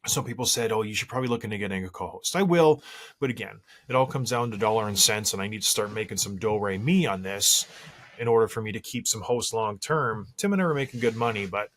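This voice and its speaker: A man's voice: lowish voice, fairly quick, fairly bright tone. A man hosting his own podcast solo, chatting casually and telling self-deprecating stories with frequent restarts. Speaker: podcast host.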